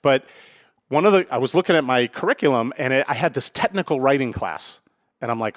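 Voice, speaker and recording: A man talks through a solo podcast in a blunt, casual style. He keeps checking in with a quick "right?" and swears freely, at a middle pitch. The recording is dry and close. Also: lively intonation, no room sound. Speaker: podcast host.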